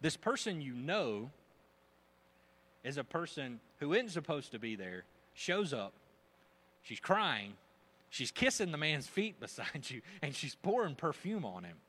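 A man's voice: fairly high pitch, big pitch swings, unhurried, fairly bright tone, breathy edge. A man preaching a sermon to a congregation, joking and acting out gossiping voices as he tells the story. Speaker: pastor.

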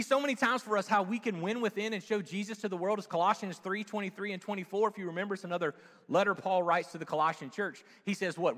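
Animated, high-pitched male preacher. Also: long reverb tail. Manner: animated and humorous, with playful voices and asides. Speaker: pastor. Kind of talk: sermon.

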